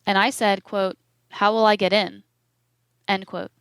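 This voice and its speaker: A woman narrating an audiobook of court testimony in a measured, even manner, reading the quotation marks aloud. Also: medium pitch, clean tone, dry recording.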